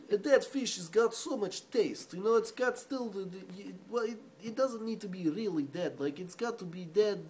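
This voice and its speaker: A man putting on a boastful Russian fish shopkeeper with a Russian accent, pitching his goods. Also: moderate pace, a little mellow, slight background noise, close to an everyday voice.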